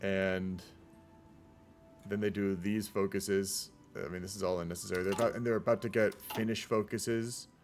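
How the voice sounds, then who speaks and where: A man's voice: low-pitched, flat delivery, normal speed, soft background music. A young man giving casual, rambling commentary on a multiplayer strategy game, often saying "y'all". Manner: chatty, rambling, says "y'all". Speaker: game caster.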